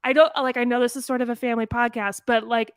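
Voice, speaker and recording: Lively, quick-talking woman podcast co-host. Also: a little high, smooth, dry recording. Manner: animated, quick bursts, frequent "like". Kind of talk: casual review chat.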